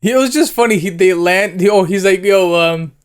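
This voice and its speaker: A man's voice: sits high, a little fast, clear, resonant tone. A young man, a co-host in casual chat, retelling movie scenes with laughter and slang.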